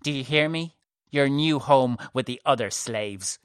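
A haughty old high priestess spits her scorn, loud and sneering, voiced by a man. She drags her words out slowly and spitefully. The sound is dry and close, with no room around it. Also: no echo, natural voice.

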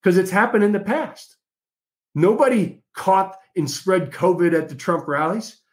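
A combative man delivers a heated solo monologue, mocking and sarcastic. His voice sits a little high for a man. He talks directly to his audience as if rallying them. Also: animated, unhurried. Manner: combative and mocking, addresses listeners as folks. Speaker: political commentary host. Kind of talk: opinionated monologue.

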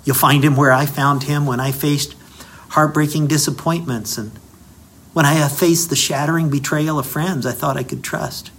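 A middle-aged man, a pastor, giving a radio devotional sermon, telling the story with dramatic slowdowns for emphasis. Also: fairly high pitch, fairly even intonation, a bit bright, breathy edge.

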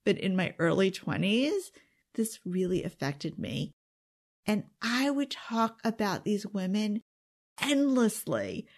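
Taking it slowly in a sing-song, mid-range voice, a woman confides self-help advice straight to her listeners. Her tone is earnest and intimate, and at times she sinks to a whisper, as if speaking directly into the camera.

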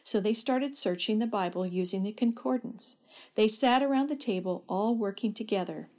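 A woman's voice: mid-range voice, moderate pace, a little mellow. Woman reading a storybook aloud. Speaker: narrator.

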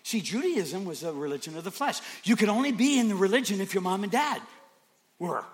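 Male preacher, higher pitch, very lively delivery, jumps from whispers to shouts, emphatic repetition. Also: brisk. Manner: dramatic swings from hushed whispers to shouts. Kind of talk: sermon.

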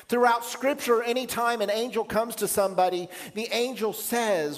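Reflective male pastor in echoing hall. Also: sits high. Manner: measured, reflective preaching with pauses. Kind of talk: sermon.

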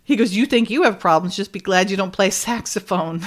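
A woman's voice: medium pitch, expressive, normal speed. A middle-aged woman co-hosting a casual recap chat, retelling scenes animatedly and acting out quoted lines with frequent laughs. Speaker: podcast co-host.

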